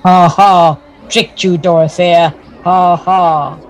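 An actor doing a slow, teasing talking big wheel. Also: mid-range voice, lively intonation, faint music behind. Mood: giggling. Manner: slow, drawn-out, punning and teasing. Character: talking big wheel, male, bored then giggly trickster. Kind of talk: children's audio story acting.

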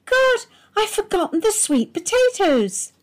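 A woman voicing a bitter middle-aged wife who turns shrill and accusing, her voice cracking toward tears. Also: sing-song, measured pace, darkish tone.

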